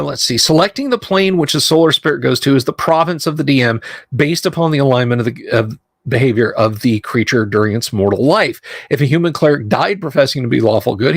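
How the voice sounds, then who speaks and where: A man's voice: medium pitch, creaky, breathy edge, dry recording. A middle-aged man hosting a show, reading a game rulebook aloud and drifting into rambling, self-interrupting asides. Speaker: host.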